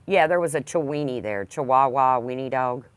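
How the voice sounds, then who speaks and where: A woman's voice: very deep voice, normal speed, clear, resonant tone, dry recording. A woman chatting casually on a livestream, rambling and talking to her dog. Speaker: livestream host.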